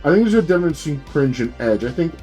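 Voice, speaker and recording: A man's voice: a little high, animated, quick pace, dark tone, husky, faint music behind. A man streaming as a VTuber, rambling in a casual rant full of fillers and swearing.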